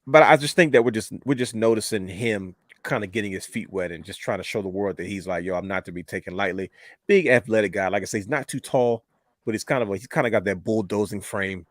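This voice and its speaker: Recorded cleanly in a dry studio, a man with a low-leaning voice speaks quickly as a co-host on a relaxed wrestling podcast. His talk rambles, words get repeated, and "you know what I mean" comes up regularly.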